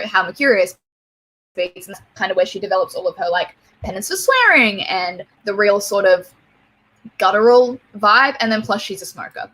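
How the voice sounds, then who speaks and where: A woman's voice: medium pitch, fairly bright tone. An Australian woman in her young adult years talks loosely on a livestream. She rambles with plenty of "um" and "like" and swears without a second thought. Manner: rambling, swears freely, many fillers. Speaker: livestream host. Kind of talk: casual livestream chat.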